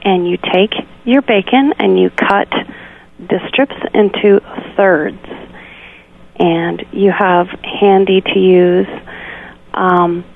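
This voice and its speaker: A woman's voice: fairly low pitch, steady tone, slow, gravelly. A woman calling in to a radio show for a cooking segment, easily distracted and giggly. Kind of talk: casual chat on the phone. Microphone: phone. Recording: tinny phone line.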